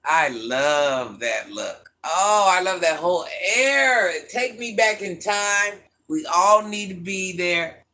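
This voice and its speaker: A man talking casually to camera, gushing and swooning, sometimes dropping soft and low as he muses. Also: takes it slowly, hardly any pauses. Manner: gushing, dreamy, swooning over things he loves.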